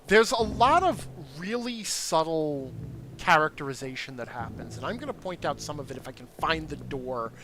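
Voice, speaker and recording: A man with a fairly high, bright voice talks through a game in a lively, rising and falling tone. He lectures patiently and methodically, pausing to explain each detail to his viewers. Now and then he answers comments from his live chat. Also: a little hiss or hum. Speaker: game streamer.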